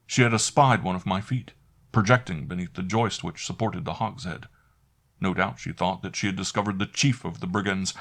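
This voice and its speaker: Deep-voiced man narrating a horror tale. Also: a bit bright. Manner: measured, dramatic first-person storytelling.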